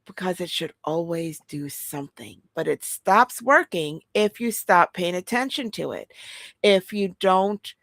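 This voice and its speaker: A woman chatting casually as a podcast co-host, giggly and animated as she tells a story. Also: lowish voice, a little slow, no echo. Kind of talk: casual chat.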